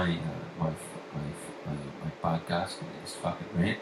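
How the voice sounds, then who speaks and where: A man hosting his own podcast in a loose, profane rant, his voice climbing high when he gets worked up. He sits back from the mic in a roomy, echoey space with a faint hiss underneath. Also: normal speed, hardly any pauses. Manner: profane, ranting, rising to near-shouting. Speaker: podcast host. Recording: echoey room, far from mic, faint noise.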